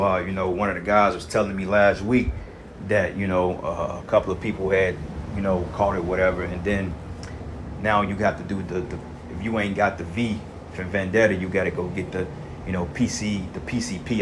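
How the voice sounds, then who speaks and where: Male commentator, lower voice, heated profane talk, faint noise behind. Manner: profane and heated, slangy, many fillers. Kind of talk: casual monologue commentary.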